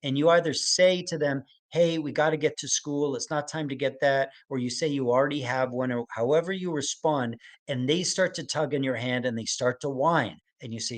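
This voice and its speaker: A middle-aged man presenting a parenting webinar as an expert. He explains gently and slowly, repeating key phrases and checking in with the listeners. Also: mid-range voice.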